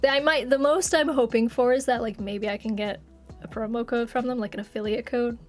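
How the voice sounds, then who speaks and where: A woman's voice: on the high side, steady tone, a little fast, soft background music. Giggly Texan woman streamer. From Texas. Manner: chatty, giggly, laughs often. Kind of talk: casual live-stream chat with viewers.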